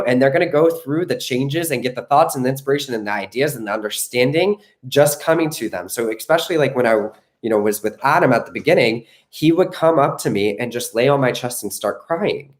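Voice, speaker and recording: A man's voice: mid-range voice, lively intonation, fairly quick, few pauses. A man coaching viewers on a live stream, earnest and reassuring, often checking in with "okay?". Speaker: manifestation coach.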